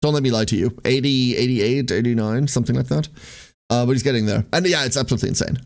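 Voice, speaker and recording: A man's voice: medium pitch, fast talker, gravelly. A young man livestreaming, venting casually to his viewers in a rambling way, with lots of "like" and swearing.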